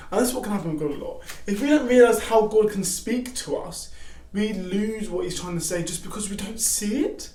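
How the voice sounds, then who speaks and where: A young man giving casual faith advice to camera, animated, acting out excited quotes. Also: sits high. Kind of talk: casual devotional talk to camera. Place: garage. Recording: echoey garage from a distance.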